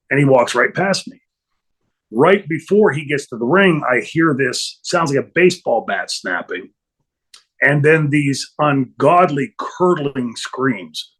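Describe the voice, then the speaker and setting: A man's voice: medium pitch, fairly bright tone, slightly rough, low-quality recording. A middle-aged man telling a long story in an interview, rambling with many fillers and restarts. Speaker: interview guest, former wrestler.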